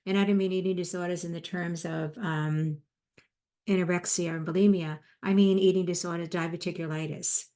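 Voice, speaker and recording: A woman's voice: lowish voice, fairly even intonation, fairly quick, mellow. A woman in her fifties or older, a psychotherapist giving a motivational talk in a conversational way, mixing in personal stories. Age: 50s or older. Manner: conversational, tells personal anecdotes. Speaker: psychotherapist and speaker.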